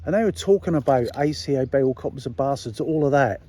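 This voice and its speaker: A man's voice: medium pitch, brisk, dark tone. A middle-aged man from England giving a blunt, sweary, indignant monologue, full of rhetorical questions to his viewers. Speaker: political commentary vlogger. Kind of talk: casual ranting monologue.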